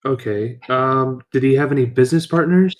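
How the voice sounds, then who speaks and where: A man's voice: medium pitch, moderate pace, no room sound, rough recording. A man playing a tabletop game, casually talking through his rolls with some hesitation. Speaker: player.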